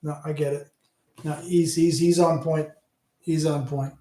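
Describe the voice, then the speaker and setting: A man's voice: fairly high pitch, fairly even intonation, a little slow, warm tone, echoey room. A man in his fifties from Hamilton, Ontario, with a Canadian accent, tipsy and rambling profanely while chatting with viewers on his livestream. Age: 50s. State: tipsy from drinking. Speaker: livestream host. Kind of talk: casual livestream chat with viewers.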